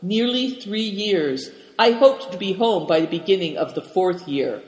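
A man reading the part of a weary male pilgrim who speaks quietly and guardedly. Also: high-pitched, expressive, normal speed, echoey room, big-room sound, low-quality recording. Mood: cautious.

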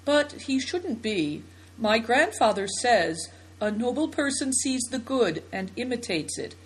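A woman reading the part of a thoughtful young boy who speaks in a measured, firm way, in a storybook. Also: a little high, big pitch swings, breathy edge, voice pushed up, heavily acted.

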